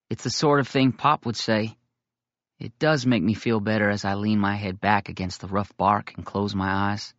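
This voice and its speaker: A man reading a novel aloud in first person, with steady, measured storytelling. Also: fairly low pitch, no room sound, lo-fi sound. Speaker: audiobook reader.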